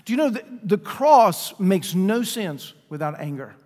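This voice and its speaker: A man with a high voice preaches to his congregation in a relaxed, conversational way. He keeps asking questions of his listeners. His voice rings out with a long reverb from the church around him. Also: measured pace. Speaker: pastor. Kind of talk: sermon. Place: church sanctuary.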